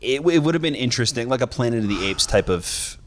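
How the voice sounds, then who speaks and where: A man's voice: mid-range voice, lively intonation, fast, a little hiss or hum. Easygoing podcast co-host, man. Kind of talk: casual chat.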